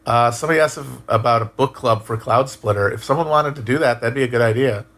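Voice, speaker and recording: A man casually talking on a live stream and answering chat, musing out loud, swearing now and then, with frequent restarts. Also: mid-range voice, fast. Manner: rambling, musing, profane, many restarts.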